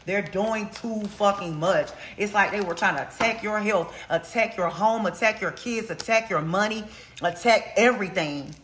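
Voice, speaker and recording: Tarot reader, casual reading, blunt and profane, slangy, repeats for emphasis, bright tone. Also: mid-range voice, normal speed, a little hiss or hum. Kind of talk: casual spiritual reading to camera. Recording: roomy echo.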